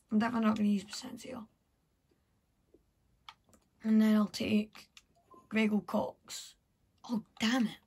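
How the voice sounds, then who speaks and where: A woman's voice: a little high, gravelly, slightly rough. A woman vlogger thinking aloud as she plays a video game, muttering to herself in casual commentary. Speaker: gameplay vlogger.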